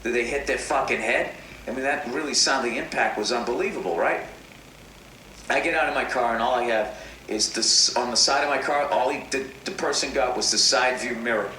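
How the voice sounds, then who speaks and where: A male comedian telling a comedic story as a rant, animated and full of profanity. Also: mid-range voice, a little fast. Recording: roomy, distant recording with faint noise.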